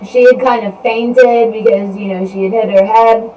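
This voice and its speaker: A woman's voice: on the high side, level tone, normal speed, warm tone. A woman hosting a podcast, telling a story in a loose, rambling way and saying "you know" again and again. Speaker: podcast host. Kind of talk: casual storytelling monologue. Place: indoors, live stream. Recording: roomy echo, distant from mic, faint noise.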